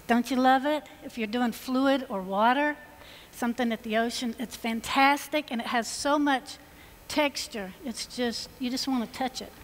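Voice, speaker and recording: Woman, Georgia Southern accent, enthusiastic stage demonstrator, slightly high voice, long reverb in a large hall. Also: moderate pace, a little hiss or hum. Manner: chatty, enthusiastic, folksy. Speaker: floral designer presenting on stage. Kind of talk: live stage design demonstration.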